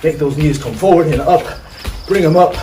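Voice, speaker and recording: A man coaching a boxing cardio workout live, energetic and urging the viewer on with short commands. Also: on the high side, moderate pace. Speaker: fitness coach. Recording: far-off mic with echo and insect noise.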